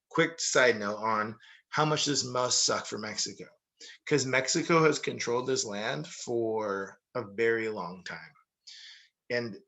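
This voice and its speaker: A young man teaching a history lesson in a casual, jokey way, full of asides and quick analogies. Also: medium pitch, fairly bright tone, low-quality recording. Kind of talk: casual recorded history lecture.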